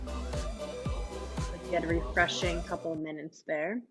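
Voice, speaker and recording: A woman leading a long workshop, talking in a chatty, enthusiastic way with lots of fillers, her voice a little hoarse. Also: fairly low pitch, level tone, slow pace, music in the background. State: slightly hoarse, losing her voice. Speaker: workshop leader. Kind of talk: teaching a live online workshop.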